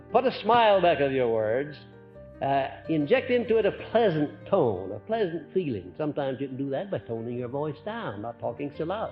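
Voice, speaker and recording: In a muffled archival recording with faint music, a man with a slightly high voice gives a folksy, earnest lecture to a live audience. He deliberately swings between loud and soft and often pauses on "uh."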